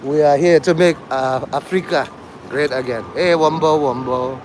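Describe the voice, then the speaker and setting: A man doing a put-on voice of a loud man calling birds to a feast, in chanting, booming calls, recorded on a noisy outdoor street. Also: steady tone, normal speed, lightly acted.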